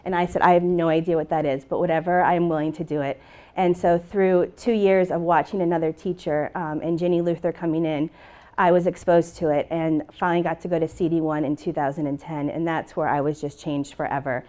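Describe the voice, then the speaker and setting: A woman's voice: deep voice, fairly even intonation, brisk, mellow. A middle-aged woman teacher giving a conference presentation, telling a heartfelt personal story to a live audience and acting out the dialogue in it. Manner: heartfelt, emotional, retelling dialogue. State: tearful at moments.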